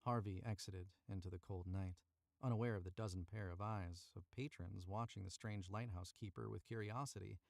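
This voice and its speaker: His voice is lowish, creaky and a little mellow, fairly quick with fairly even intonation, in a dry, clean studio recording. He's a voice actor narrating a story live from a small booth, talking with viewers and retaking lines he trips over.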